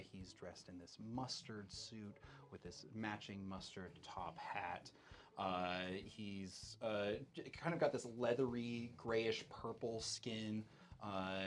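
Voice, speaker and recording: A man game master describing scenes for his players. He talks in a relaxed, unhurried way with many fillers. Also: lowish voice. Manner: relaxed, filler-heavy narration. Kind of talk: narrating a tabletop game.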